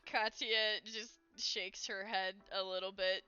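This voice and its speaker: A woman's voice: mid-range voice, level tone, slow, bright, forceful tone, clear, resonant tone, highs cut off, soft background music. A woman narrating a tabletop game as game master in a casual, chatty way. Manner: casual, chatty, many fillers, laughs often.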